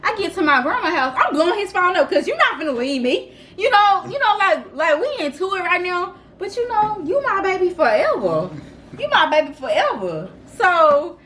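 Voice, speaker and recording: Animated high-pitched young woman storyteller. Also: moderate pace, few pauses, slight background noise. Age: 20s. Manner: animated, laughing, self-described dramatic. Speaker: vlogger. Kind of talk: casual storytime.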